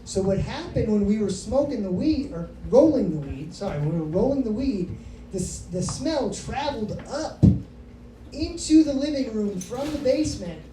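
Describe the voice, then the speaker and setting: A woman's voice: fairly high pitch, lively intonation, moderate pace, background noise. A woman in her thirties doing stand-up comedy, telling a story in a brash, profane, hyped-up way. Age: 30s. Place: comedy club stage. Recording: roomy club sound from a distance.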